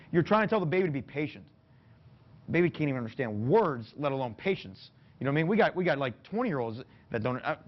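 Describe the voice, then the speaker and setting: A rapid-fire football coach holds forth to a room of fellow coaches. He is folksy and plain-spoken and mixes jokes into his points. The recording sounds muffled and lo-fi. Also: mid-range voice. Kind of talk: clinic talk to coaches. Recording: dull lo-fi recording.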